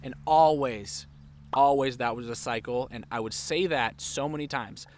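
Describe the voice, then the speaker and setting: A young man candidly telling his personal story in a vlog, animated and full of "like". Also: mid-range voice, moderate pace, slight background noise. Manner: candid, animated, heavy use of "like". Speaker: vlogger.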